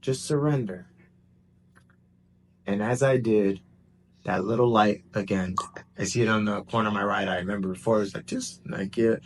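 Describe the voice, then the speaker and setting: A man's voice: fairly low pitch, fairly quick, a little hiss or hum. Man telling a story animatedly. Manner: animated, swings between excited bursts and hushed asides. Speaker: vlogger. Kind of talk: casual personal storytelling.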